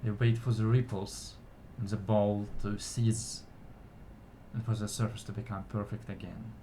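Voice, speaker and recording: Male narrator for a fantasy story game: low voice, very unhurried, soft-spoken and deliberate delivery. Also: flat delivery, slight background noise. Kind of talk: slow descriptive fantasy narration.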